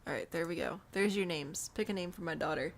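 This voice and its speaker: Over slight background noise, a Midwestern woman speaks briskly in a lowish voice. She's a let's play streamer joking her way through a life-sim game and casually chatting with live viewers.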